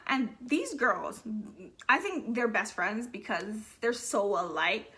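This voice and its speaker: A woman's voice: a little high, big pitch swings, takes it slowly, bright, forceful tone. A middle-aged woman chatting casually to her viewers as a vlogger, telling a story with lots of quoted voices. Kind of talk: casual chat.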